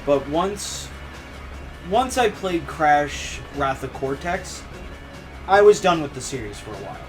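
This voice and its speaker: A man's voice: a little high, measured pace, faint music behind. Young man casually recalling, stammering. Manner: relaxed, stammering restarts, swears casually. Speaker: podcast co-host. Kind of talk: casual chat.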